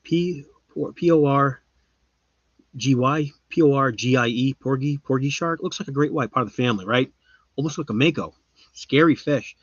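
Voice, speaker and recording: A man hosting a live stream, chatting casually with viewers and rambling, his voice often trailing off quietly. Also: mid-range voice, moderate pace, no echo. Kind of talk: casual chat. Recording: slightly muffled lo-fi sound.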